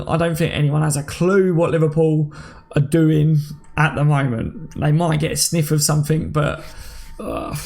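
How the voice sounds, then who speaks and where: Slightly high and gravelly, a little mellow, this thirty-something man hosts a relaxed live stream. He reads viewers' comments and calls them by name, bantering with them like friends in a friendly, easygoing way.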